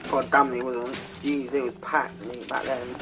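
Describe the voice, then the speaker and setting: A man's voice: medium pitch, flat delivery, a little slow, over music, low-quality recording. A man streaming a game, telling stories in a casual, chatty way. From England. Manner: chatty storytelling, laughing. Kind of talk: casual chat over gameplay.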